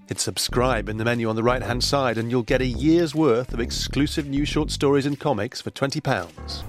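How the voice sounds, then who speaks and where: Breezy male podcast host. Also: medium pitch. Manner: jokey, breezy delivery. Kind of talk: scripted podcast outro. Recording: faint music underneath. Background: faint background music.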